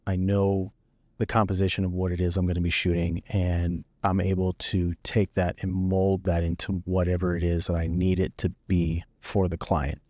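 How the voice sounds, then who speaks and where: Low-voiced man chatting easily. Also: moderate pace, no room sound. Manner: relaxed storytelling, easy and conversational. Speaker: guest videographer. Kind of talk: casual podcast chat.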